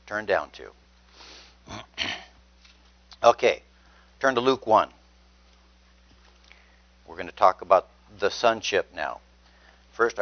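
Man, preacher, low voice, earnest and emphatic, dull lo-fi recording. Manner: earnest, emphatic, slows down to stress words. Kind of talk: sermon with scripture reading. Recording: dull lo-fi sound.

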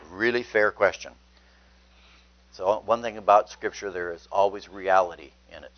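A man's voice: deep voice, moderate pace. A man preaching a sermon, reading scripture aloud and stressing words earnestly. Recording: dull lo-fi sound.

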